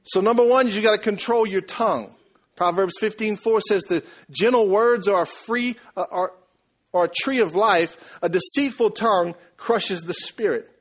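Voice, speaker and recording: A man preaching a sermon, telling a story and asking the congregation questions in a lively, conversational way. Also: sits high, normal speed. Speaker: pastor.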